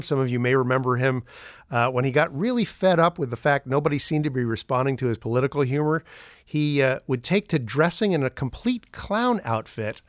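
A man's voice: mid-range voice, no echo, studio quality. A man hosting a podcast, introducing clips in a rambling, casual way with many fillers. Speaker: podcast host.

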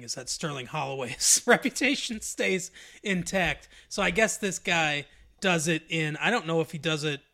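A man's voice: fairly high pitch, pushed and bright. A man hosting a podcast, chatting casually, rambling and joking with frequent laughter and swearing. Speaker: podcast host.

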